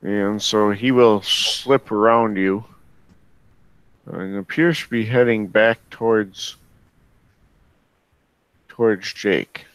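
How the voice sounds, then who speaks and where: A man narrating as game master of a tabletop game, unhurried and halting with fillers as he describes the action. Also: lowish voice, fairly even intonation, clean tone, dry recording, rough recording.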